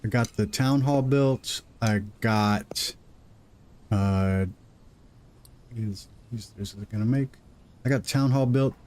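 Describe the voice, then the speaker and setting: A man's voice: mid-range voice, takes it slowly, pauses often, darkish tone, smooth. A middle-aged man hosting a live gaming stream, rambling and self-deprecating as he talks through his progress into a desk microphone at home. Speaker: gaming livestream host. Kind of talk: live gameplay commentary.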